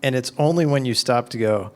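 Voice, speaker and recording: A man speaking to an audience in a relaxed question-and-answer session. He explains ideas through lively everyday examples and keeps his delivery conversational, filling it with frequent "like"s. His voice sits at an ordinary middle pitch. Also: brisk. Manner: conversational, animated storytelling with many "like"s. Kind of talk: informal talk and Q&A.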